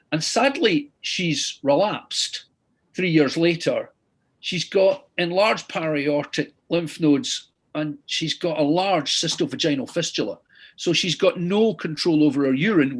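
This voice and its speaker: A man's voice: fairly high pitch, breathy edge. A middle-aged man, a consultant surgeon, lecturing and retelling patient stories earnestly, often repeating "I said". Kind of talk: lecture with clinical anecdotes.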